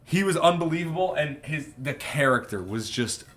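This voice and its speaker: A young man co-hosting a casual movie chat, relaxed, often trailing off quietly at the ends of his thoughts. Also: a little high, normal speed. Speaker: podcast co-host.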